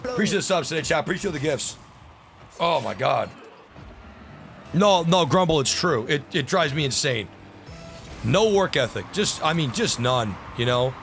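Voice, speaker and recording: A man's voice: on the high side, animated, moderate pace, creaky, a bit bright, faint music behind. A man livestreaming a game, talking to chat in frustrated rants and swearing freely. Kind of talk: gaming livestream commentary.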